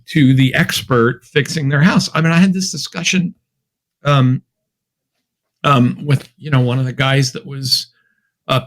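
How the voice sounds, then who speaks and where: A man from Massachusetts, an academic guest on a podcast, talking in a chatty, wry, anecdotal way. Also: a little high. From Massachusetts, USA. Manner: chatty, anecdotal, wry, with many fillers and restarts. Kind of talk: podcast interview conversation.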